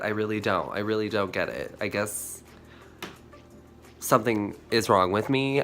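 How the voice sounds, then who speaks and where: This home-cooking YouTuber speaks a little slowly, pausing often, in a fairly low voice with a fairly bright tone. Vlogging casually from his kitchen, he's campy and playful and calls viewers "sis" and "honey."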